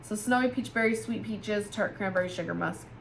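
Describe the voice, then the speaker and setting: A woman's voice: medium pitch, brisk, vocal fry, soft background music. A tired woman chatting casually and with gushing enthusiasm as she reviews scented candles for her viewers. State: tired, yawning. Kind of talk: casual product review vlog.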